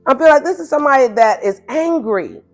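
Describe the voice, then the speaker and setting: A woman giving a casual tarot reading, animated and blunt, who laughs often and acts out the listener's replies in playful higher tones. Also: fairly quick. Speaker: tarot reader. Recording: faint music behind.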